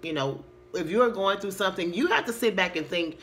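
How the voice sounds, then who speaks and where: A woman who works as a therapist, casually teaching about the law of attraction and reading affirmations slowly and earnestly. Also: medium pitch, animated, a bit bright, a little hiss or hum. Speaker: sex therapist and spa owner. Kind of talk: casual spiritual teaching to camera.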